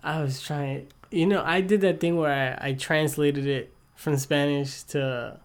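A man's voice: a little high, steady tone, a little slow, clear, resonant tone. A young man co-hosting a podcast, chatting casually with short replies and playful teasing. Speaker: podcast co-host. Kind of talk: casual chat.

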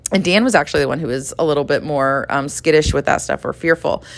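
A woman's voice: low voice, fast, vocal fry. Chatty woman teaching faith. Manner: conversational, animated, acts out dialogue, laughs often. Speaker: podcast host and Bible teacher. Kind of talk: devotional teaching.

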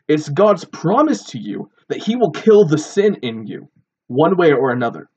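A man's voice: on the high side, sing-song, unhurried, warm tone, husky, dull audio. A man giving a sermon-style Bible teaching, explaining earnestly and posing rhetorical questions. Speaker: preacher.

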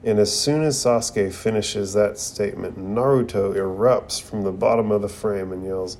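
A man's voice: on the low side, fairly even intonation, normal speed, few pauses, a little mellow. A young man casually recapping an anime episode, reading the characters' lines aloud in his own voice with loose fillers and slang. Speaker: anime reviewer.

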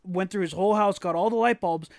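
A young man co-hosting a casual podcast, chiming in on shared stories with quick, laughing asides. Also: high-pitched, vocal fry, dry recording, clean studio sound. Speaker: podcast co-host. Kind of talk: casual storytelling chat.

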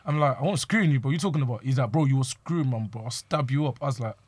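A man's voice: medium pitch, fast, darkish tone, husky, no echo, studio quality. A young man, animatedly telling a street story to friends and acting out the quotes. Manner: slangy, acts out quoted lines.

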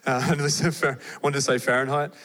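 Man, Australian accent, young adult, casual animated sermon, long reverb from the hall. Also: mid-range voice, fairly quick. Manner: conversational and animated, with asides to the audience. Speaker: preacher.

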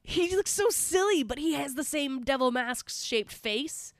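A woman co-hosting a podcast in casual chat, animated and swearing freely as she acts out movie characters. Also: high-pitched, measured pace, dry recording, studio quality. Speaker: podcast co-host.

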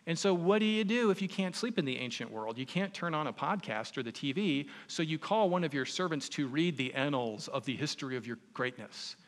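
A man preaching a sermon, retelling a story in an animated, conversational way. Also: on the high side, fairly quick, hardly any pauses. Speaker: pastor. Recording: long reverb in a large hall.

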